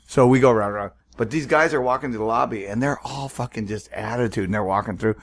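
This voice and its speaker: A podcast co-host with a medium-pitched voice talks quickly, swearing freely in casual chat. He's an animated storyteller who acts out the voices of the characters in his tales.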